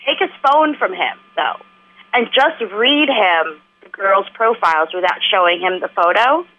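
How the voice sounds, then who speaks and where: A woman with a Long Island accent, bantering and teasing loudly in a casual radio chat. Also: medium pitch, animated, measured pace, phone-quality sound. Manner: loud, laughing, teasing.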